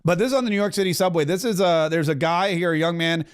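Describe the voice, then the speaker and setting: High-voiced joking podcast host, a man. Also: fast talker, clean tone. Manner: joking, rambling, chuckling asides. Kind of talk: political commentary podcast.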